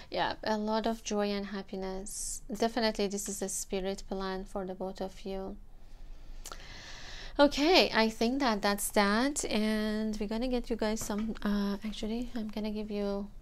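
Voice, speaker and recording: A woman giving a tarot reading to camera, gentle and emotional, with many fillers. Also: medium pitch, smooth. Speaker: tarot reader.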